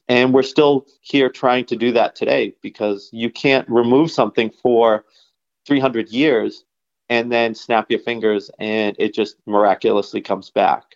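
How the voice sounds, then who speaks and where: Earnest man, dull lo-fi sound. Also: mid-range voice. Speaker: interviewee, production company worker. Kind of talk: interview testimony.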